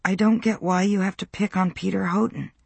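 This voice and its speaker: A nervous high school girl who pleads and hesitates, as a reader puts her on. The voice rises higher when she speaks. The sound is close and dry. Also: fairly even intonation, fairly quick, vocal fry, husky, no room sound, exaggerated voice. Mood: hesitant. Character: teenage girl, anxious and pleading.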